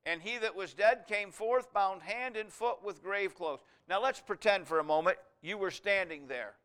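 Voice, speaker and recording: A man preaching a sermon, reading scripture aloud and explaining it verse by verse, rising to loud emphatic passages. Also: high voice, moderate pace, smooth. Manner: expository Bible teaching, reads scripture aloud, swells loud on key lines.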